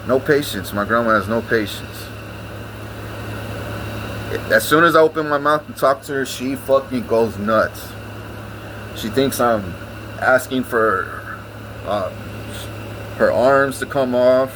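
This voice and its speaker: A man's voice: medium pitch, a bit bright, a little hiss or hum, poor audio. A man, ranting casually to his vlog audience, swearing often and repeating himself. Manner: profane, rambling, repeats himself. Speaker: vlogger.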